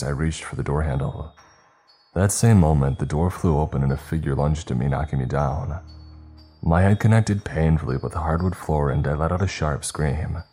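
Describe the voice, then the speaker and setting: A man with a very low, dark and mellow voice reads a first-person horror story. His tone is husky and his telling is measured and tense. Faint music plays underneath.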